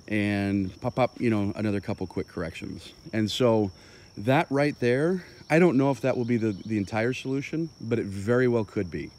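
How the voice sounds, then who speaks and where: A man with a fairly low voice talks through dog training ideas while out on a walk, rambling and pausing with many fillers. The outdoor recording carries a faint bed of insects and crickets behind him. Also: darkish tone, slight background noise. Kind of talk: impromptu explanatory talk on a walk.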